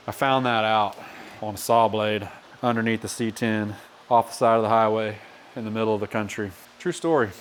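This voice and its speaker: A man's voice: medium pitch, slight background noise. A man hosting a DIY truck build, talking casually and wryly while he works on the vehicle, swearing now and then as he goes. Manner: wry, rambling, swears casually while working. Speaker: DIY mechanic channel host. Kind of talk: casual garage work commentary. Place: home garage or shop.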